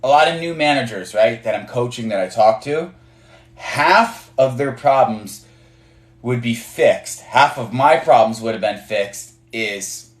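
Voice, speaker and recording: A man's voice: medium pitch, a little slow. A man teaching a casual management class on a live stream, talking loosely with many fillers and acting out short bits of dialogue. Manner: conversational, many fillers and restarts, acts out dialogue. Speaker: management coach. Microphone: phone on a live stream. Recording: roomy echo.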